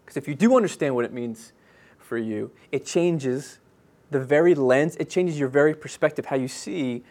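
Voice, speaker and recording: A man in his thirties preaching a sermon as pastor, earnest and halting, with many restarts and fillers, dropping soft and slow on key phrases. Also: a little high, animated.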